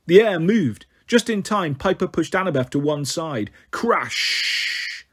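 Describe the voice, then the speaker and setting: A male narrator reads a fantasy story aloud as an audiobook, slowly and at a steady storytelling pace. His husky voice sits a little high, and he carries the action along plainly.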